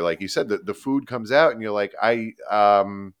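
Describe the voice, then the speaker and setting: A man co-hosting a podcast, telling a long story in a rambling, animated, casual way with frequent laughs. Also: on the low side, moderate pace, clear, resonant tone, no room sound, studio quality. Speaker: podcast co-host.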